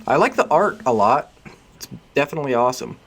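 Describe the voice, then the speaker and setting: A man's voice: medium pitch, lively intonation, fast, a little hiss or hum. A man hosting a let's play, chatting casually with self-deprecating asides. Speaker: gaming channel host. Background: soft game piano music.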